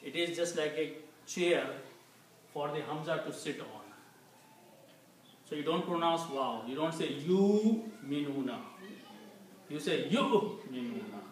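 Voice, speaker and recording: A man teaching an Arabic lesson, speaking slowly and repeating key words patiently. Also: fairly high pitch, fairly even intonation. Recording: very echoey room, distant mic, faint noise.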